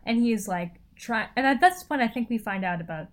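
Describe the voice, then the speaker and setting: A woman co-hosting a casual chat that recaps a TV show, animated and laughing, acting out quotes in exaggerated voices. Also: a little high, a little fast. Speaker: podcast co-host.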